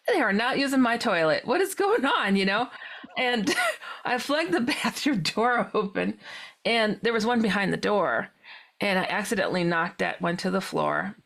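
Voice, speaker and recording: At normal speed and with some vocal fry, a woman recounts a personal story as a podcast guest. She's a paranormal author, animated and laughing often, and her pitch jumps suddenly when she acts out her own earlier words.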